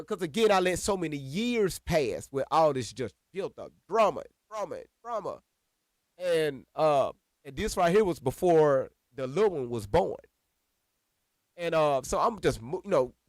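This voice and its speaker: A man casually telling a personal story to viewers, animated and profane, calling them y'all. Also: medium pitch, dry recording, clean studio sound. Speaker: storyteller recounting a personal incident.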